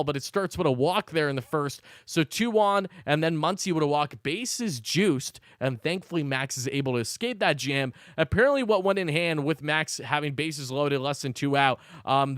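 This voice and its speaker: A man's voice: on the high side, fairly bright tone, smooth, no room sound, clean studio sound. A man hosting a live postgame show, recapping the game in a fired-up way, swearing and ranting between updates. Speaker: sports channel host.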